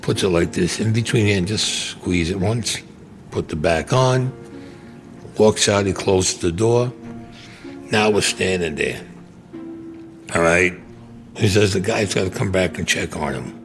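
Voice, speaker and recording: A man's voice: deep voice, unhurried, pauses often, soft background music. A man, telling a story bluntly and profanely in an interview. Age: 70s. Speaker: interview guest.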